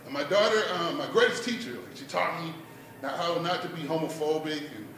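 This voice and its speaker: A man's voice: a little high, brisk, a bit bright, a little hiss or hum. A man doing a laid-back stand-up comedy set at an open mic, peppering his lines with "man" and "like". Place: bar performance room. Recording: echoey room, mic heard from a distance.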